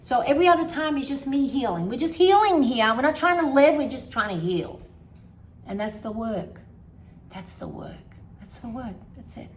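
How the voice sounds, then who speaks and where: A woman's voice: high-pitched, lively intonation, normal speed, slight background noise. A woman talking casually to camera as a wellness coach, emphatic and repetitive, acting out her own anxious thoughts.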